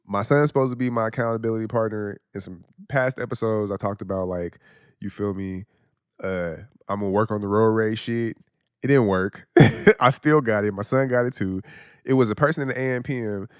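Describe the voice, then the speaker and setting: A man's voice: fairly low pitch, fairly quick, clear, resonant tone, dry recording, clean studio sound. A young adult man hosting a podcast, talking in a blunt, profane, casual monologue and laughing often. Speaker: podcast host.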